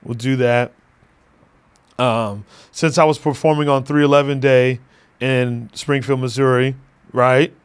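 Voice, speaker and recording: A man's voice: mid-range voice, fairly even intonation, a little slow, smooth. A man hosting a podcast in loose, joking chat, laughing often and swearing freely. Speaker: podcast host.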